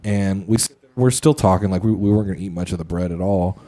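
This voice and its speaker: A man's voice: sits low, fast talker, dark tone. A young man co-hosting a podcast, telling a story in a rambling, casual way with lots of fillers and swearing. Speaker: podcast co-host.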